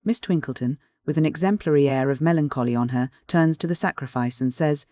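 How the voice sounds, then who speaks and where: A narrator reading a classic novel as an audiobook, at a measured, unhurried pace. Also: medium pitch, dark tone, no room sound, clean studio sound.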